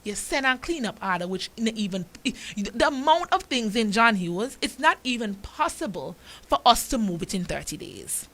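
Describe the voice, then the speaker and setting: A woman's voice: mid-range voice, big pitch swings, normal speed, hardly any pauses, a bit bright. A woman from Antigua with an Antiguan accent, a talk show guest who argues her case with impassioned rhetorical questions.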